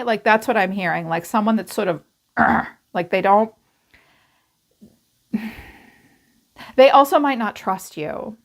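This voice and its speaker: A woman's voice: mid-range voice, expressive, takes it slowly, gravelly, pauses often. A woman giving a casual tarot reading, talking candidly and chattily and swearing freely. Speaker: tarot reader.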